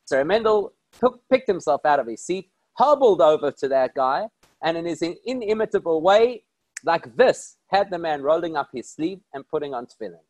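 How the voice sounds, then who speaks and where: A rabbi telling a story with lively, emphatic delivery and pointed rhetorical questions. His male voice sits a little above the usual pitch. The sound is close and dry, with no room echo. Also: moderate pace. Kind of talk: inspirational storytelling talk.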